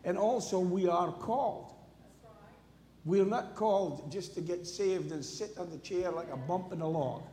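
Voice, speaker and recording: Brief: male preacher, a bit higher-pitched, storytelling sermon in a church hall with long reverb. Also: measured pace, dark tone. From Scotland. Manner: storytelling, homely asides.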